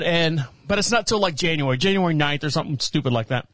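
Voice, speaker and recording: Animated radio host, high voice, dry sound. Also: male voice, fast, no room sound. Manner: animated, laughs while telling stories, acts out voices. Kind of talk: casual storytelling monologue.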